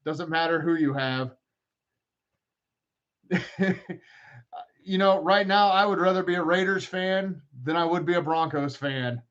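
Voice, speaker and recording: A man's voice: on the high side, a little slow, pauses often, a bit bright, lo-fi sound. A man hosting a casual live-stream podcast, rambling and trash-talking with lots of swearing and jokes. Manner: profane, joking, rambling trash talk. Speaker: podcast host.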